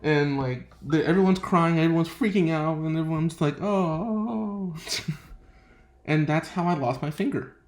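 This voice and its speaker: A young man hosting a casual podcast chat, telling a story with lots of laughter and lively quoted voices. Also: on the high side, normal speed. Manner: laughing often, animated quoting of others. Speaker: podcast host.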